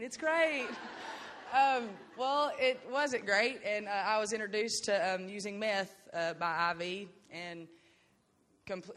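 Earnest young woman in a reverberant hall. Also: lowish voice. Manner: earnest and emotional, breaks into laughter. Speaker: speaker giving a testimony. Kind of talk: personal faith testimony.

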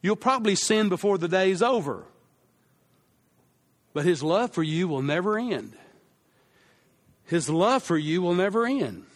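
Speaking unhurriedly in a fairly high voice, a very animated male pastor delivers his sermon, driving home key lines through repetition and leading the congregation in call-and-response.

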